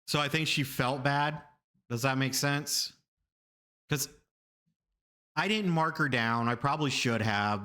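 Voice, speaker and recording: A bright, forceful man from Florida telling a story to his stream chat. He repeats phrases and rambles. He leaps into high, loud voices when he quotes the people in his stories. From Florida, USA. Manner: animated, rambling, repeats himself, laughs often. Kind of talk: casual storytelling to a live chat.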